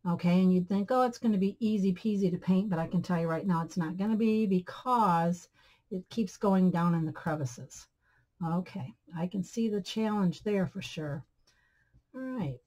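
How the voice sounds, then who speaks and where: A woman talks viewers through a DIY craft project in a slightly low voice. She is chatty, keeps calling her audience guys and friends, and gushes over how pretty everything turns out. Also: moderate pace, warm tone, low-quality recording. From Michigan, USA. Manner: gushing about her projects. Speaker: craft channel host.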